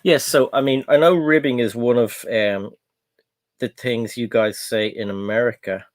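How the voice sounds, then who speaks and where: Man, livestream host, chatty and rambling, dry close mic, mid pitch. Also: steady tone, normal speed, no room sound. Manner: rambling storyteller, many ums. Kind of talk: casual chat while building.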